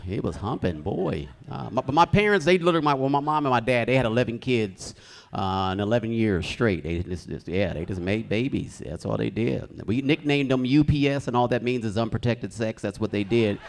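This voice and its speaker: A young man from the United States performing a stand-up comedy set in a club, telling stories loudly and shouting his acted quotes. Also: mid-range voice, gravelly. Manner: animated, loud storytelling with shouted acted quotes. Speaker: stand-up comic. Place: comedy club stage with a live audience.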